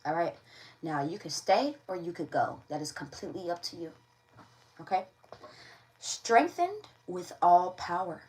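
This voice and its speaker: A woman's voice: on the low side, lively intonation, a little slow, long pauses, darkish tone, poor audio. A woman giving a casual tarot reading to camera, slangy and playful, often checking in with her listeners. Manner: slangy, playful, keeps checking in with "all right?". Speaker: tarot reader.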